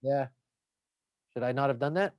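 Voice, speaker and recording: A man's voice: mid-range voice, moderate pace, a little mellow, no room sound, clean studio sound. A young man, a podcast co-host, in casual chat, telling a rambling story full of swearing.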